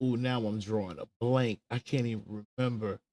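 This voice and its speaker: A man's voice: on the low side, steady tone, brisk, darkish tone. Chatty man hosting a show. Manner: talks himself through searching for a clip, chatty and stalling. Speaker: show host. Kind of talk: casual livestream commentary.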